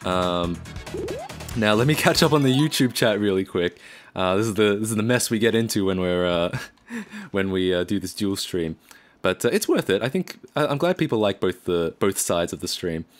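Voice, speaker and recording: A man's voice: lowish voice, lively intonation, moderate pace, soft background music. A man from Australia chatting casually on a live stream, rambling as he reads and answers the chat.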